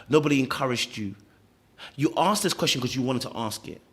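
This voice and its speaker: A man's voice: medium pitch, very animated, fairly quick. A man, hosting a podcast and giving emphatic, opinionated commentary full of stammering restarts. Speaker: podcast host reacting to clips.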